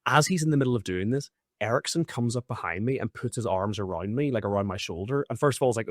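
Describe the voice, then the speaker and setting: A man hosting a podcast, recounting events in an animated, casual way with lots of fillers and swearing. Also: mid-range voice, fast, few pauses, no room sound, studio quality. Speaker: podcast host. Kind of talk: casual storytelling.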